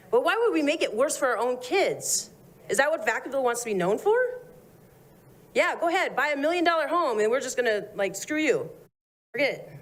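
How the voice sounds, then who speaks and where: A young woman speaks at a city meeting's public comment. Her voice is high, and she talks bluntly and conversationally, with frustration.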